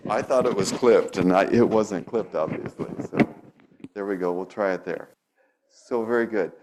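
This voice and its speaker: A man with a fairly low voice preaches in a church. He talks in a relaxed, conversational way, drifting into stories from his own past as a pastor. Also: moderate pace, very noisy. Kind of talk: sermon. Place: church sanctuary.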